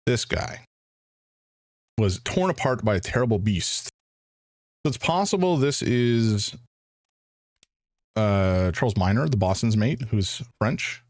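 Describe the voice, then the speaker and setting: A man with a lowish, lively voice talks through a game live, hesitant and thinking aloud. The sound is dry and close, with faint music underneath. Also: slow, long pauses, dry recording. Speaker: streamer.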